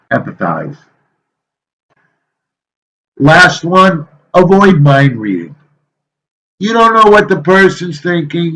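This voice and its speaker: A man's voice: on the high side, fairly bright tone, poor audio. Folksy man giving a rambling lecture. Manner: rambling, folksy, frequent ums. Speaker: teacher. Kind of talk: casual lecture.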